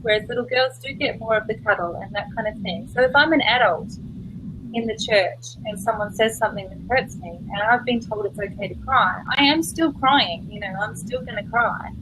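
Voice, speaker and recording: Brief: woman, animated discussion voice, a bit high, noisy background. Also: fairly quick. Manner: emphatic, animated, laughs. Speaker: discussion participant. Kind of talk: casual discussion.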